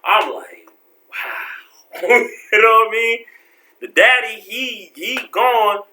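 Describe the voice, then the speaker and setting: A man telling a story from his life in a casual vlog, slangy and animated, acting out the people in it. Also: high-pitched, slow pace. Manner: animated, slangy, acts out voices.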